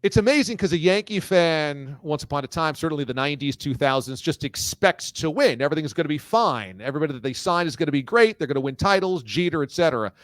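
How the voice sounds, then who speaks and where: A man's voice: fairly high pitch, expressive, fast talker, few pauses, fairly bright tone, dry recording. A man hosting a sports talk show, interviewing a guest in an upbeat, enthusiastic way. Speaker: radio and video show host.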